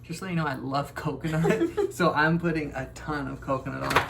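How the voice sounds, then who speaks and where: Young male youth leader, relaxed rambling talker, light room noise behind. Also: on the high side, brisk, gravelly, poor audio. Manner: laid-back, rambling storyteller. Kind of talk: casual chat while cooking.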